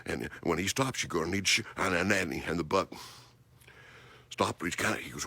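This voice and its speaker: A man hosting a hunting show, telling a story in an animated, emphatic way with frequent restarts. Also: sits low, moderate pace, vocal fry, pauses often, no room sound. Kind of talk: storytelling monologue.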